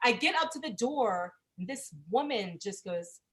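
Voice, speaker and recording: A woman's voice: medium pitch, moderate pace, slight background noise. A young woman comedian telling a wild, profane story on a video call, acting out the other people in it. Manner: brash, profane, animated, acts out voices. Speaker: stand-up comedian.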